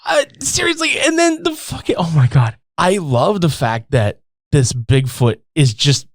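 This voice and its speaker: Animated, profane man on a podcast. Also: a little high, a little slow, no echo, clean studio sound. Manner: loose, profane, laughs often. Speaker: podcast co-host. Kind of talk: casual chat.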